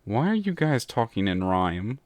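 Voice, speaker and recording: A man's voice: fairly low pitch, big pitch swings, unhurried, dry recording. A man doing a smug costumed villain. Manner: smug and self-satisfied.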